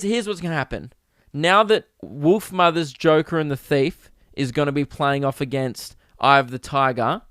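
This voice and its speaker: Man, fairly high voice, hosting a podcast in a dry, close room; animated and mock-outraged. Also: smooth, no echo. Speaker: podcast host. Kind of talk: casual solo podcast rant.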